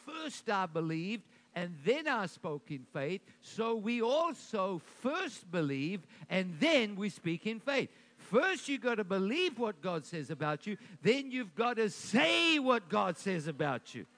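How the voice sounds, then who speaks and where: A man's voice: very high-pitched, fairly bright tone. A man preaching a sermon as pastor, emphatic, with call-and-response to his congregation.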